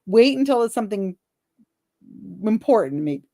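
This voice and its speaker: A woman's voice: mid-range voice, very animated, dark tone, dry recording. Chatty woman guest, dry sound. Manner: chatty, chimes in with quick agreement. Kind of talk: casual conversational chat.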